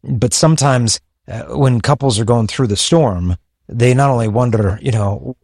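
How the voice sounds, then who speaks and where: Man, podcast co-host, earnest and reflective, mid-pitch, dry close sound. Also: normal speed, creaky, a little mellow, no room sound. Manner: earnest, reflective, with frequent restarts. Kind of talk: faith-based podcast conversation.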